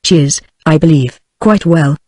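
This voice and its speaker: A woman's voice: low-pitched, measured pace, darkish tone, breathy edge, dry recording. A text-to-speech female voice with a British English accent reading the lines of a cold, stiff, middle-aged aristocratic husband in a formal, clipped way.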